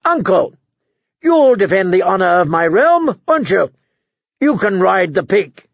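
Man putting on a cruel drunken boy king, high and shrill, mocking, muffled dry audiobook sound. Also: sing-song, measured pace, creaky, no echo, exaggerated voice. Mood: gleeful.

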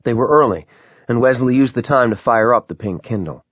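Low husky guy reading a thriller, pitch all over, dull lo-fi sound. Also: fairly quick, no room sound. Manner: lively, dramatic reading. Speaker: audiobook narrator. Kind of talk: scripted narration.

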